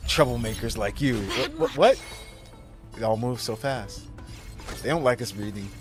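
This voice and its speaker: A man plays through a video game and reads its lines aloud at a middle pitch. He does voices for the characters and reacts with laughter as he goes. Faint game music runs behind him. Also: expressive, measured pace. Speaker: game streamer. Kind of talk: casual let's-play commentary.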